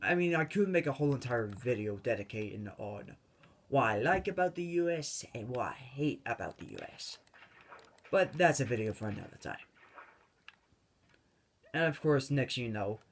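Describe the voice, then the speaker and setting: Rambling young man with a lively voice. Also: medium pitch, normal speed, a little hiss or hum. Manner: rambling and tangent-prone, with many fillers. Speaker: gaming channel host. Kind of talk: rambling let's-play commentary.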